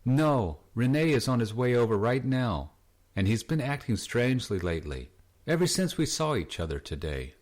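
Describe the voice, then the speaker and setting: A man voicing an anxious young woman art student, lifting his voice higher and speaking quickly. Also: sing-song.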